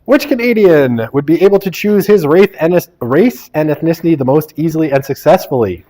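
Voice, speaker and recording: This university sociology lecturer runs a class quiz in his lecture room, reading the questions out while ribbing and joking with students. He has a mellow, expressive voice on the high side and talks fairly quickly.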